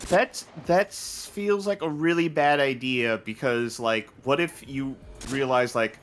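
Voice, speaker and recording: A man's voice: mid-range voice, takes it slowly, hardly any pauses, a bit bright, soft background music. A man co-hosting a game stream, ranting casually and mimicking a drive-thru voice. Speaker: co-host. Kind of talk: casual gaming chat.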